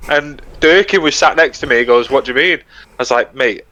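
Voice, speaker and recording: A young British man co-hosts a podcast, casually telling army stories with laughter and swearing and acting out quoted lines. His medium-pitched voice swoops wildly in pitch at a moderate pace and sounds pushed and bright.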